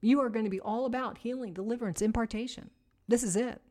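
High-voiced woman teaching with conviction. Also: fast talker. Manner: energetic, repetitive, emphatic lists; addresses listeners directly with rhetorical questions. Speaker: women's ministry teacher. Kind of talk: conversational Christian teaching.

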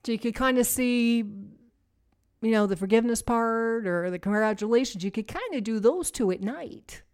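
Female preacher, fairly high voice, lively conversational teaching, emphatic and repetitive, asks the room questions. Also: moderate pace. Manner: energetic, repetitive, emphatic lists; addresses listeners directly with rhetorical questions. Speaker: women's ministry teacher.

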